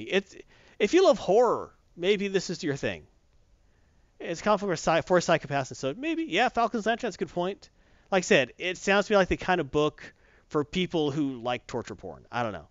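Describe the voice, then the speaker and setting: A man's voice: fairly high pitch, a bit bright, no room sound. A man casually reviewing comic books, sarcastic and exasperated, rambling through his opinions. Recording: dull, lo-fi, dry.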